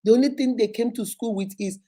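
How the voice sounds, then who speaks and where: Animated woman, mellow tone. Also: a little high, quick pace. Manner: animated, acts out quoted voices, warm direct address. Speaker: host of a live question-and-answer show. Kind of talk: casual live chat with viewers.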